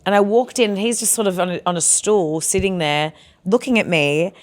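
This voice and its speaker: A woman's voice: medium pitch, brisk. Chatty young Australian woman telling stories. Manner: animated storyteller, acts out quotes, calls people babe. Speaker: comedian guest. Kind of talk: casual chat.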